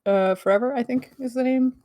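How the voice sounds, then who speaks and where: A woman co-hosting a casual podcast chat, talking in a lively, quick way, laughing and swearing casually. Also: fairly high pitch, no echo, studio quality. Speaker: podcast co-host.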